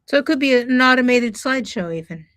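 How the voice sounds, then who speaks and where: A woman with a somewhat high voice co-hosting a relaxed conversation. She mostly prompts with questions and short acknowledgements. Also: fast talker. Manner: short affirmations and curious questions. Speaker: co-host asking questions. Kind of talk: casual conversation.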